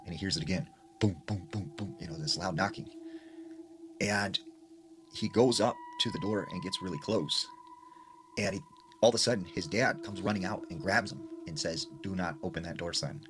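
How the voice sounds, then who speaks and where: Low, lively man retelling a scary story. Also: normal speed, long pauses, over music. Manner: conversational, filler-heavy retelling. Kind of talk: casual spoken storytelling. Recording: noisy ambient recording.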